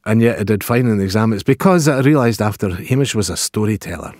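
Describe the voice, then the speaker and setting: An older man from Scotland with a Scottish accent, a guest on an interview show who tells long anecdotes, chuckling now and then and trailing off quietly at the ends of thoughts. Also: fairly low pitch, animated, fast talker, no echo, studio quality. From Pitlochry, Scotland. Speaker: guest, former colleague. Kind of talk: storytelling interview talk.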